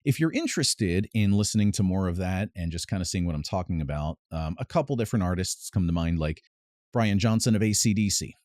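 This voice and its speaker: Male vocal coach, very low voice, dry close sound, casual pedantic explainer. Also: a little mellow, no room sound. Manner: pedantic, explains with sung demonstrations. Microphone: close mic with added reverb at times.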